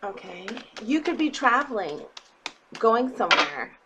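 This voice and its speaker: A woman's voice: fairly high pitch, sing-song, unhurried, very noisy. Blunt, swearing woman tarot reader. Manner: blunt and emphatic, swears freely, checks in with "okay?". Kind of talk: casual tarot reading to viewers.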